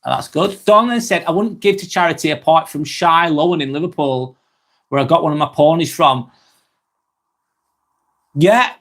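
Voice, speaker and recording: A man's voice: a little high, normal speed, long pauses, a bit bright. A man hosting a live stream, reading viewers' comments aloud and chatting back in a casual, rambling way. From England.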